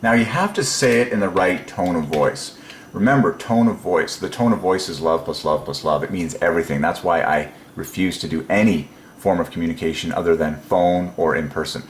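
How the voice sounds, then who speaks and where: Deep-voiced man musing in an echoey room. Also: fairly even intonation, a little fast, creaky, slight background noise. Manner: rambling and musing, many ums, chuckles to himself. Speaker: religious video presenter. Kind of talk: casual solo preaching monologue.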